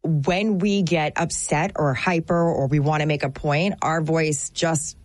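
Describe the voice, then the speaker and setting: A woman's voice: deep voice, unhurried, darkish tone, dry recording. A woman working as a radio show producer, chatting and laughing easily in casual studio banter.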